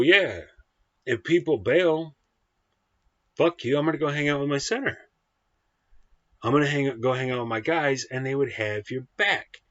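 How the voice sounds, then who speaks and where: A man's voice: medium pitch, sharp tone, no echo. A man giving a blunt, profane, combative film review in a casual ranting style. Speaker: movie reviewer. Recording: dull, dry lo-fi sound.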